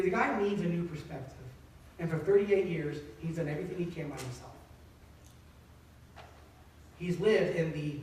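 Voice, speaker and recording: A man in his thirties, a pastor, preaching a conversational, animated sermon. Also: fairly high pitch, moderate pace, pauses often, a little hiss or hum. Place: church sanctuary. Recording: echoey sanctuary, distant mic.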